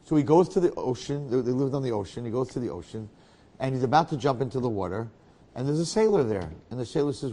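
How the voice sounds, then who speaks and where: A man, a rabbi, telling a story in a talk in an animated way, often checking in with his listeners. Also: mid-range voice, fast talker, big-room sound.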